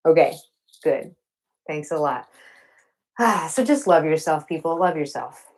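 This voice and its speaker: Poet, woman, lowish voice; playful asides, slow rhythmic poem reading over video call. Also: expressive, rough recording. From Arkansas, USA. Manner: warm, playful talk between poems; slow, rhythmic poetry delivery. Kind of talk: poetry reading.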